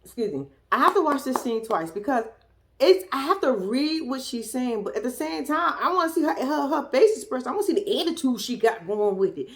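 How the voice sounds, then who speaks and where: A woman talks through a reality TV episode with plenty of sass, acting out each person's lines as she goes. Her voice sits a little high and swings widely up and down. It is a lively, casual recap aimed at her viewers. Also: brisk. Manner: sassy, animated, acts out the cast's lines. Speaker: reality TV commentator.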